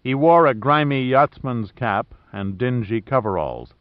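Man, audiobook narrator, steady scripted reading, dry booth sound, slightly muffled. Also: mid-range voice, measured pace, dry recording.

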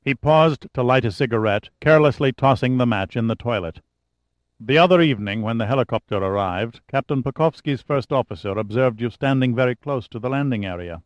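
Brief: male audiobook narrator, even measured delivery, dry booth sound, a bit dull. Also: medium pitch, dry recording. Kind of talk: scripted narration.

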